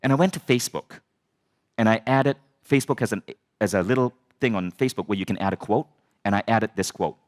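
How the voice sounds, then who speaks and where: A man telling a personal story as a personal growth speaker, animated, swearing and acting out the dialogue. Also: fairly low pitch, brisk. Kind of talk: storytelling talk.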